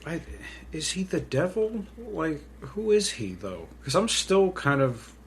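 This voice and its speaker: A man's voice: fairly high pitch, very animated, a little slow. A man co-hosting a podcast in casual chat, retelling movie scenes loosely and swearing freely. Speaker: podcast co-host.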